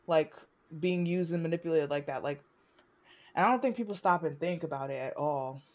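A young woman, a student, speaking candidly in conversation, impassioned and halting, with frequent restarts. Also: deep voice, darkish tone. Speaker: student sharing experience.

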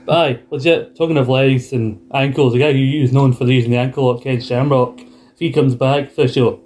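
A man's voice: mid-range voice, steady tone, fairly quick, darkish tone, a little hiss or hum. Rambling man chatting wrestling. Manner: rambling, restarts often. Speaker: podcast co-host. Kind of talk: casual wrestling chat.

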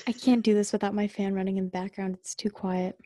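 A woman's voice: medium pitch, little pitch movement, fast, mellow, dry recording. Chatty young woman, bone-dry sound. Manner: chatty, self-deprecating, giggly. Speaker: podcast co-host. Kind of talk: casual chat. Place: home room, fan running.

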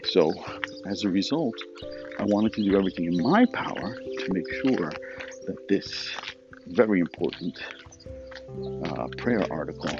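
A man's voice: low voice, muffled recording. A man giving a reflective personal talk in a conversational way, often checking in with his listeners. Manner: conversational, rhetorical asides and "right?" checks. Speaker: speaker reflecting on religious practice.

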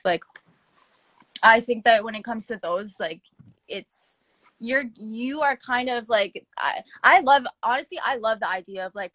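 A woman's voice: medium pitch, dry recording. Young woman rambling casually, lots of "like", dry close sound. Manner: filler-heavy, animated, slangy. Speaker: interviewee. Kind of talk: casual chat.

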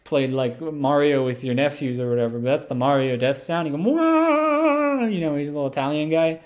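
A man's voice: mid-range voice, steady tone, quick pace, a little mellow. Male comic storyteller, loose and rambling, fillers everywhere. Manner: rambling, filler-heavy, absurd. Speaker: comedian. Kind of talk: comedic storytelling.

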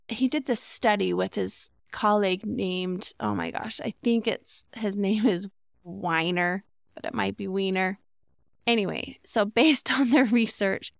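A woman's voice: mid-range voice, gravelly, dry recording, clean studio sound. A middle-aged woman hosting a solo podcast, explaining ideas conversationally and asking rhetorical questions. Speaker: podcast host.

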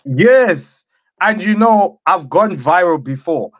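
A man co-hosting a casual podcast, telling stories in a relaxed, chatty way with lots of fillers. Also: sits high, slow, slight background noise. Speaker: podcast co-host. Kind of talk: casual banter. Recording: dull dry lo-fi sound.

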